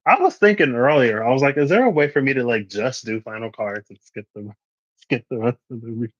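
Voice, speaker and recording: A man's voice: mid-range voice, lively intonation, brisk, dry recording, lo-fi sound. A man reading tarot for a casual vlog, chatting and musing as he reads card meanings aloud. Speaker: tarot reader.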